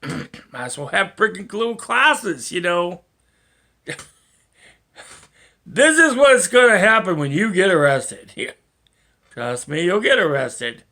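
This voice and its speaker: A man's voice: sits high, very animated, unhurried, long pauses, sharp tone. A man rambling through a solo vlog monologue, swearing often and chuckling to himself. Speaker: vlogger.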